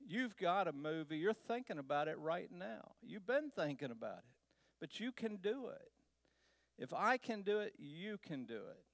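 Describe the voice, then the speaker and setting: A man from Texas, a guest speaker, telling a personal travel story to a church in a slow, unhurried way with pauses. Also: high voice, big pitch swings, creaky, fairly bright tone, dry recording. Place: church sanctuary.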